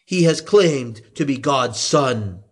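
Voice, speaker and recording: A man shouting as an angry crowd. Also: mid-range voice, expressive, slightly rough. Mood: demanding. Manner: shouted, drawn-out cries. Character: angry crowd of priests and men, demanding. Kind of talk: scripture reading.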